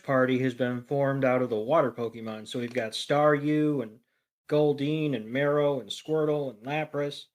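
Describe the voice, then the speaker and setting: A man on a podcast, recapping a cartoon in an animated way, swearing freely and acting out characters' lines. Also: medium pitch, moderate pace. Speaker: podcast co-panelist. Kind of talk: casual episode recap.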